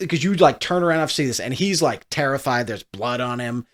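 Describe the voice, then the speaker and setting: A man's voice: medium pitch, animated, a little fast. A man narrating as game master of a tabletop role-playing game, loose and full of fillers.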